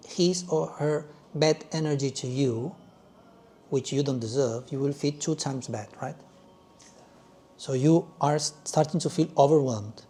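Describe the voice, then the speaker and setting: A male yoga teacher leading a class in an animated way, with halting phrasing and frequent "yes?" check-ins. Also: a little high. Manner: loose, halting phrasing with restarts.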